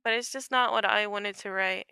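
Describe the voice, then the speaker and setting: Bright, creaky-voiced woman chatting. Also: mid-range voice, steady tone, moderate pace, dry recording. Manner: chatty, with many fillers. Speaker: writer on a livestream. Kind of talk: casual chat while writing.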